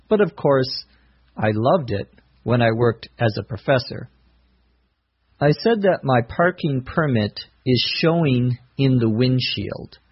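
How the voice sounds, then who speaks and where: Middle-aged male English teacher, husky voice, unhurried careful delivery. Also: medium pitch. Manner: slow, careful explanation of vocabulary. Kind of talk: slow scripted language lesson. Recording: dull lo-fi recording.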